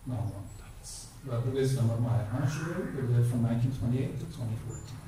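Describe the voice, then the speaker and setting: A man's voice: medium pitch, a little fast, hardly any pauses. An older man giving a dharma talk at a temple, telling stories with playful asides. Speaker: dharma speaker. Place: temple hall. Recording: echoey hall from far off, background noise.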